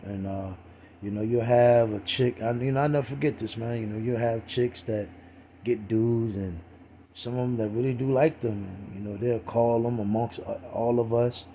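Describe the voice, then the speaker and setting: A man's voice: medium pitch, fairly even intonation, moderate pace, dark tone, a little hiss or hum. A man giving a casual religious talk in a streetwise, profane way, full of "you know" fillers.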